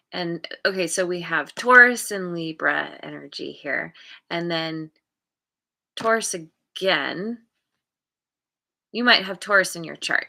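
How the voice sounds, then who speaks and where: A woman's voice: lowish voice, vocal fry, pushed and bright. A woman giving a live tarot reading and thinking aloud, meandering and often restarting as she searches for words. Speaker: tarot card reader.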